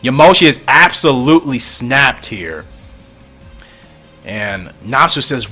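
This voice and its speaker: A man hosting a channel, excitedly reading and commenting on a fan comic with frequent laughs. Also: mid-range voice, measured pace, slightly rough, faint music behind. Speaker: channel host.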